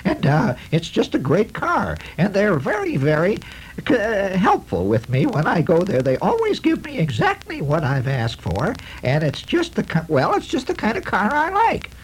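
Nasal lady from a car ad, way up high, rambly, guy putting her on. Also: huge pitch swings, a little hiss or hum, rough recording. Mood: gushing. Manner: rambling, halting testimonial. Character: chatty middle-aged woman in a car ad with a nasal voice.

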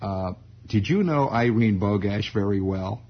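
A man with a raspy, gravelly voice playing a stern middle-aged father who coaxes slowly and quietly. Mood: coaxing. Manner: low, slow, soothing but pressing. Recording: dull lo-fi recording.

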